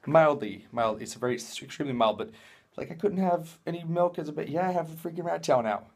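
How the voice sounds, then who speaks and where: Young male vlogger, goofy and hyper, voice bouncing all over, a bit higher than most. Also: lively intonation, quick pace, creaky, husky. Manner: hyper, jokey, rambling. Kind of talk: casual vlog.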